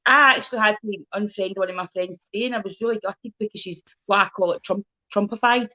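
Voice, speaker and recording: A woman with an Ayrshire Scottish accent, a stand-up comedian chatting as a guest, telling animated stories full of swearing and put-on voices. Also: mid-range voice, fast talker, muffled recording. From Scotland. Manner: animated storytelling, acts out voices, swears freely. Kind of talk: casual chat.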